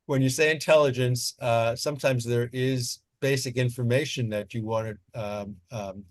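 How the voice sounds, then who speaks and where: Halting male moderator, plain mid voice, dry mic. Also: mid-range voice, fairly even intonation, dry recording. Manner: halting, many fillers. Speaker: panel moderator. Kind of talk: casual online panel talk.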